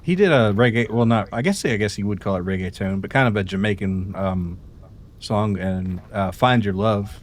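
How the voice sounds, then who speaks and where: A man's voice: on the low side, moderate pace. A young man in casual chat while gaming, laid-back and drifting, muttering to himself now and then. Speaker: streamer.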